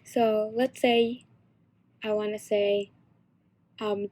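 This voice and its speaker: A teenage girl explaining signs in a casual, halting tutorial. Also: a little high, vocal fry, darkish tone, no echo. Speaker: sign language instructor.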